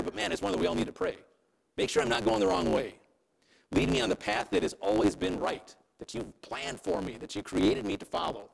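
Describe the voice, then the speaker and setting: A man's voice: sits high, big pitch swings, moderate pace, gravelly, low-quality recording. A man preaching a sermon in a conversational way, often checking in with his listeners. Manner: conversational preaching, keeps asking "right?". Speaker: pastor.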